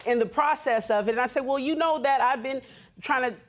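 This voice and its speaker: A woman in her thirties testifying on a TV court show, telling her side in an animated, indignant way. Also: high voice, fairly quick. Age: 30s. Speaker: litigant.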